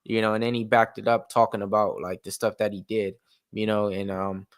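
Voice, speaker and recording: A man's voice: fairly low pitch, level tone, fairly quick, clear, resonant tone, dry recording. A man hosting a live fight watch-along stream, chatting in a loose, rambling way full of slang and fillers. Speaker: stream host.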